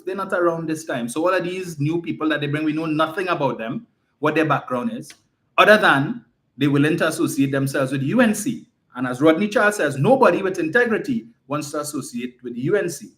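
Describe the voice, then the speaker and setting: A man's voice: fairly high pitch, expressive, a little fast, fairly bright tone. A man giving an emphatic, mocking political campaign speech full of rhetorical questions.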